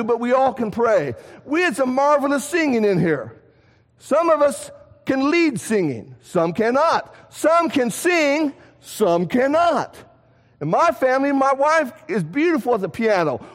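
A man preaching a sermon in a church, animated, asking rhetorical questions and swinging between loud and soft. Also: very high voice. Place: church sanctuary. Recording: long hall reverb.

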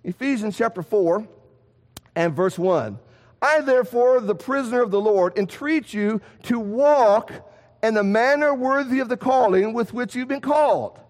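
A man preaching a sermon, rising to emphatic shouts and dropping to quiet, low lines. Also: normal speed. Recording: echoey hall reverb.

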